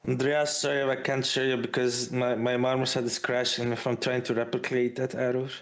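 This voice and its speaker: A man chatting on a stream with friends, teasing them dryly while he works through a software bug. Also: medium pitch, little pitch movement, fairly quick, roomy sound. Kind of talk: casual chat.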